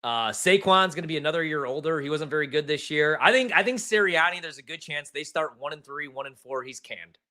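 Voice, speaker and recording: A man's voice: on the high side, expressive, fairly quick, hardly any pauses, pushed and bright. A man co-hosting a casual sports podcast, joking and swearing freely. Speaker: podcast co-host.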